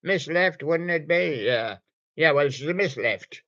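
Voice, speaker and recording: Slow, rambling male show host. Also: on the high side, expressive, fairly bright tone, dry recording, lo-fi sound. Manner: rambling, jokey, fond of puns. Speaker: host of a home online radio show. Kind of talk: casual chat showing soft toys.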